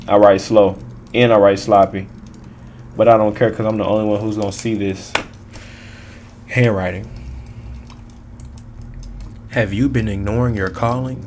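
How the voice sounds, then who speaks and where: Male tarot reader, lowish voice, emphatic and repetitive, casual street slang. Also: a little mellow, slight background noise. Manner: preachy, emphatic, repeats phrases, slangy.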